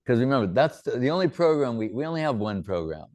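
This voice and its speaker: A man's voice: medium pitch, big pitch swings, fast, darkish tone, no room sound. A man giving an informal religious talk, drifting from teaching into rambling personal anecdotes.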